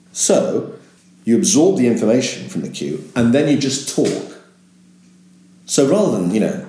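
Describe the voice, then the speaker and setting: A man's voice: on the low side, reverberant. An older man, a veteran radio presenter, reflecting in an interview and now and then leaping into an upbeat on-air voice. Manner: animated, jumps to a bright upbeat presenter voice when demonstrating.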